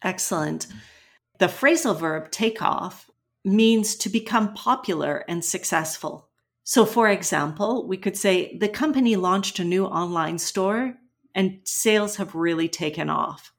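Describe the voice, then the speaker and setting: A woman co-hosting an English-learning podcast, explaining pronunciation and vocabulary clearly and patiently. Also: mid-range voice, a little slow. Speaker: English teacher co-host. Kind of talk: educational podcast chat.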